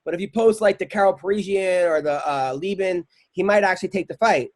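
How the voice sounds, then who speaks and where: A man's voice: sits high, fairly quick. A man hosting a casual podcast chat, teasing and laughing with guests. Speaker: podcast host.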